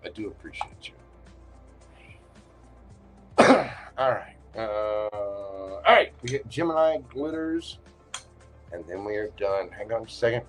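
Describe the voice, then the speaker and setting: A man's voice: lowish voice, expressive, takes it slowly, long pauses, faint music behind. A man with a Southern accent hosting a livestream tarot reading, talking in a folksy, joking and reassuring way. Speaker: tarot reader and livestream host.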